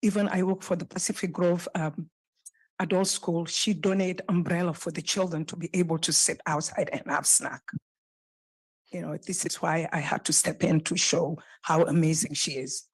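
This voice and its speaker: A woman with a French accent, a native French speaker, giving an earnest, halting public comment at a podium microphone in a council chamber. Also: on the low side, fairly even intonation, husky. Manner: earnest, halting, with pauses and restarts. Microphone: podium microphone, close.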